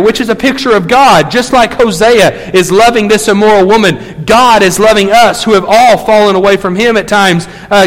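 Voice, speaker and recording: A man's voice: sits high, fairly bright tone, in a large hall, rough recording. A man preaching a storytelling sermon as a pastor, talking in a loose, conversational way full of fillers and restarts.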